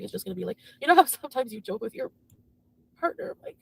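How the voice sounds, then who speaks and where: A woman on a live stream, venting angrily and profanely about being cheated on, swinging between yelling and hushed, broken-down talk. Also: a little high, sing-song, rapid-fire, vocal fry, slightly rough, rough recording. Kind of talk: emotional live-stream rant.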